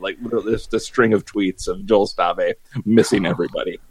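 A man with a fairly low voice tells rambling, profane stories as a podcast co-host, chuckling at his own jokes. The sound is close and dry. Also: steady tone, brisk, a little mellow, slightly rough, dry recording. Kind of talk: casual sports banter.

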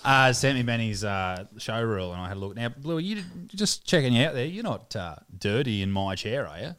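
Brief: Australian host, animated, loose jokey banter. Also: male voice, mid-range voice, normal speed, clear, resonant tone. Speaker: podcast host. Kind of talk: casual podcast chat.

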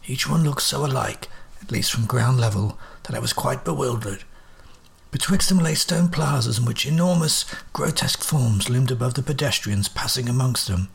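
A man's voice: mid-range voice, normal speed, creaky, husky. A man voicing a cool, sardonic detective who speaks in clipped, precise Victorian diction.

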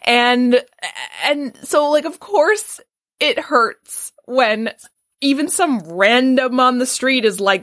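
A woman's voice: high voice, expressive, slow, a bit bright. A woman hosting a podcast, chatting casually and filling her talk with "like" and "right?". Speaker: podcast host. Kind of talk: casual interview chat.

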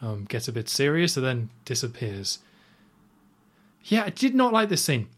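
Very animated but moderately paced, this mid-range male voice belongs to a podcast co-host. He goes over a film scene conversationally, using "like" often and slipping in playful asides.

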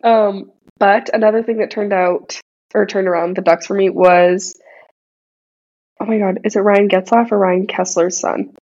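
A woman's voice: mid-range voice, moderate pace, dull audio. A young woman guesting on a podcast, telling stories animatedly with lots of fillers in casual chat. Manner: animated storyteller, many fillers.

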